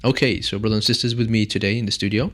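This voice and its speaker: A man's voice: lowish voice, fairly even intonation, very fast, fairly bright tone. A man hosting a radio talk show from a studio, chatting in a jokey, rambling way and laughing often. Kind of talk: casual radio chat.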